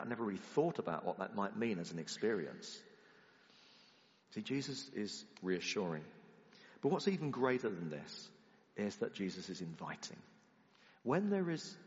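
A man preaching a sermon to a congregation, animated and conversational, moving between loud emphatic rises and quiet low asides. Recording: muffled sound in a long-echo hall.

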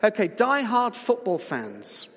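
A man's voice: high-pitched, huge pitch swings, slow. A man preaching to a congregation, chatty and jokey, coaxing people to call out guesses. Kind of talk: lively church talk with audience guessing. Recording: long hall reverb.

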